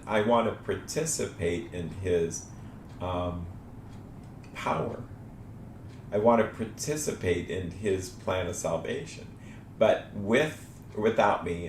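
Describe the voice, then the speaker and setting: A man with a very low voice shares his faith in an earnest, reflective way, as host of a spiritual talk show. The room rings noticeably around him. A soft rumble sits under the recording. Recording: echoey room with faint rumble.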